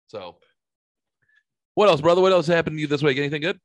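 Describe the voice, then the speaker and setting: A man's voice: fairly high pitch, quick pace, pauses often, dry recording. A man hosting a casual podcast chat, joking crudely and laughing often. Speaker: podcast host.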